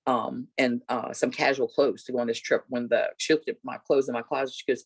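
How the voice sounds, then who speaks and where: A middle-aged woman, an interview guest, telling a personal story and acting out the voices of people in it with big jumps in pitch. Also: steady tone, fairly quick, hardly any pauses, husky.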